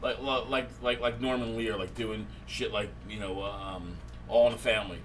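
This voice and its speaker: A man's voice: fairly low pitch, fairly even intonation, moderate pace, a bit bright, a little hiss or hum. A man who is a podcast guest talks crudely in casual chat and stammers over repeated words. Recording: distant mic with crowd chatter.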